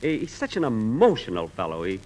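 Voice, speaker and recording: 1940s radio comic host, bright, swooping indignation. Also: male voice, fairly high pitch, huge pitch swings, moderate pace. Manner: exasperated, indignant comic timing. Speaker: comedy show host.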